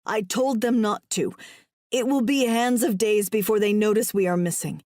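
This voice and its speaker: A woman's voice: mid-range voice, steady tone, moderate pace, a little mellow, dry recording, clean studio sound, close to an everyday voice. A woman voicing an injured horned male alien who speaks in clipped, formal sentences between gasps. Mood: pained.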